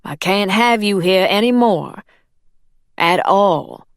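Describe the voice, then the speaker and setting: Woman as a firm, cool employer, slow measured lines, dry sound. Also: medium pitch, animated, dry recording, pitched above the performer's own voice.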